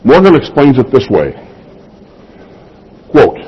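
Husky-voiced man preaching a sermon. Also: lowish voice, lively intonation, moderate pace, long pauses. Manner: conversational preaching with rhetorical questions. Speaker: pastor. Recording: slightly dull lo-fi sound.

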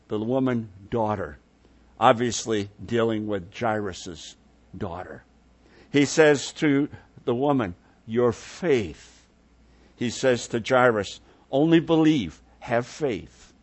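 A male preacher delivering a sermon at a slow, deliberate pace. He lingers over his words, sinks into hushed low tones when he quotes, and lifts his voice when he presses a point. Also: expressive. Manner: unhurried, drops to soft low tones for quoted words, swells when emphatic.

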